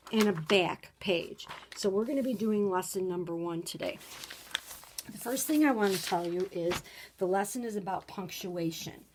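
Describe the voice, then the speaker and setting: A woman teacher takes children through a recorded lesson in an unhurried, patient voice. Her pitch sits in a middle range. She reads example sentences with sudden lively exclamations. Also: slight background noise. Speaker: third grade teacher.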